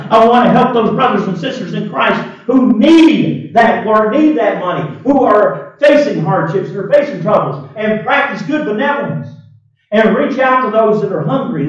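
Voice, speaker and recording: Impassioned preacher, echoey and far off. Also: male voice, dull audio. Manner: impassioned, rising to shouts and dropping low. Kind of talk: sermon. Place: church sanctuary. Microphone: webcam. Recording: echoey webcam audio from across the room.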